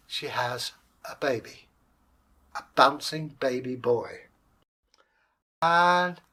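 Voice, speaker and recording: Man, channel storyteller, chatty jokey asides, bright tone, slow. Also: medium pitch. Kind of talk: fairy tale storytelling.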